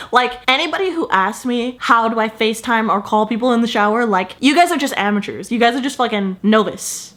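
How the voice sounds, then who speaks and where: A woman's voice: on the high side, expressive, brisk, hardly any pauses. A young woman telling a story in a casual, self-deprecating vlog, slightly out of breath. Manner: chatty, self-deprecating, swings into loud exclamations. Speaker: content creator.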